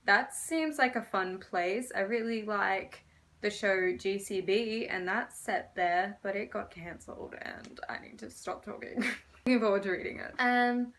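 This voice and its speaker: A young woman vlogging casually about her books, chatty and rambling, gushing with excitement, recorded on a phone camera. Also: medium pitch, a little hiss or hum. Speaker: book vlogger. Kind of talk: casual book haul chat.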